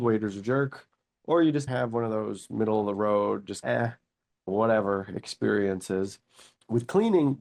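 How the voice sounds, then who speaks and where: A man in his forties, a company chief executive, telling his story in a casual interview with lively anecdotes and quoted thoughts. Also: fairly low pitch, creaky. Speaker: company CEO, guest.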